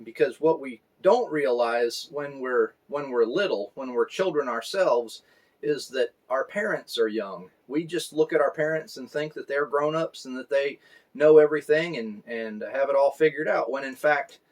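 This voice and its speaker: A man in his forties giving a conversational story sermon, reflective and unhurried, with fillers. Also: medium pitch. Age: 40s. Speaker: pastor.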